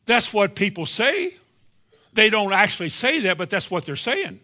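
A man's voice: high-pitched, very animated, normal speed, sharp tone. A man preaching a sermon at a church service, emphatic and sometimes sarcastic, firing rhetorical questions at his listeners. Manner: sarcastic asides.

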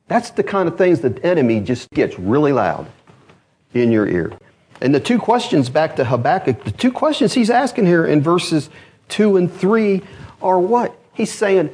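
A husky-voiced man preaches, his pitch swinging widely from low murmurs to high, loud cries as he quotes scripture. His delivery keeps rising and falling through the sermon. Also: very animated, moderate pace. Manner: rises to loud cries when quoting scripture, then drops low.

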